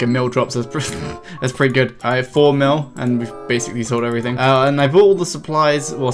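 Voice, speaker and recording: A man talking casually over his own gameplay, chatty and excitable, laughing often and poking fun at himself. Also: mid-range voice. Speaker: gaming channel host.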